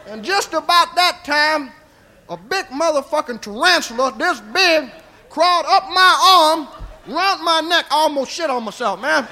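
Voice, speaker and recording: High-voiced man telling a raunchy tale. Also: animated, moderate pace, sharp tone. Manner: raunchy, drawling, tags lines with "see?". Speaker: storyteller. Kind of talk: profane comic storytelling.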